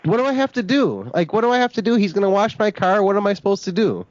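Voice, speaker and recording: A man makes a prank call in a high, stammering voice, sounding indignant and confused. His pitch leaps around animatedly. The recording is dull and lo-fi. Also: expressive, fast talker, a little mellow. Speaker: prank caller.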